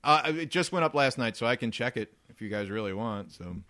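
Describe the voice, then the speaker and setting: Ranting with animation and frequent laughter, this man steers the topics on the casual podcast he co-hosts. His mid-range voice is fairly quick, with slight background noise.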